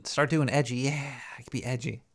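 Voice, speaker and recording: Man, show host, gravelly creaky voice, loose jokey rambling banter. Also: mid-range voice, fairly even intonation, a little fast. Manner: rambling, jokey, thinks out loud. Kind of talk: casual live show banter.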